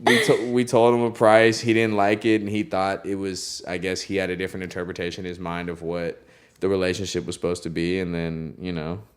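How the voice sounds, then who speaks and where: A young man who works as a recording engineer, telling stories in a casual interview, relaxed and laughing often, with lots of "like" and "you know". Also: low voice, brisk, few pauses.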